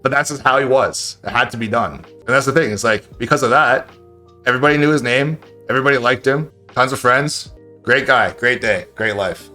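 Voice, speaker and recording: A man speaking on a live stream in a blunt, profane, animated way, acting out quoted voices as he gives advice. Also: medium pitch, a little fast, soft background music. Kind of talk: casual live-stream rant.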